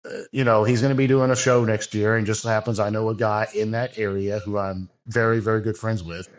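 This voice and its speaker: A man's voice: on the low side, little pitch movement, fairly quick. A man, a bodybuilding coach, talking earnestly in a casual podcast conversation, with long loose run-on sentences and many fillers.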